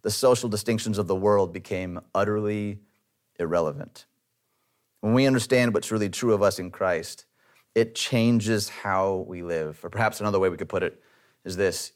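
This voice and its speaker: A man's voice: on the low side, normal speed. A man preaching a sermon in a conversational way, with light self-deprecating humor. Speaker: pastor.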